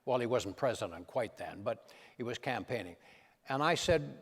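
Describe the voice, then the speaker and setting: An older man, a comedian and impressionist, telling anecdotes on stage with an animated, punchline-driven delivery. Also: mid-range voice, normal speed, breathy edge, in a large hall. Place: event stage in a large hall.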